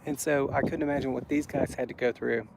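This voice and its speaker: A man's voice: mid-range voice, steady tone, fast, gravelly. Winded man giving a walking tour. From Florida. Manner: chatty, rambling, many fillers and restarts. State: out of breath, walking uphill. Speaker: travel vlogger and guide. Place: outdoors on a cold hillside. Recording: noisy outdoor camera audio.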